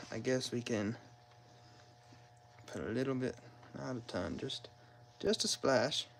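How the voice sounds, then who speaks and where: Working on an engine in his garage, a man gives a casual, rambling how-to, talking to himself and teasing himself as he explains each step for his mechanic vlog. His voice is medium-pitched, and the rough recording from a phone propped nearby has slight background noise.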